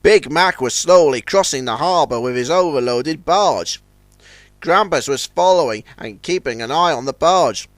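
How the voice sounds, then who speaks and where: A man's voice: fairly high pitch, expressive, normal speed, no room sound. A man reading a children's story aloud as narrator, switching between character voices.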